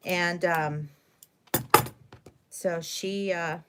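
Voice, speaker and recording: A woman's voice: fairly low pitch, steady tone, drawn-out words, heavy background noise. A middle-aged woman, host of a craft stream, telling a long story in a rambling, chatty way with fillers and self-corrections. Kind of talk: casual storytelling during a live stream.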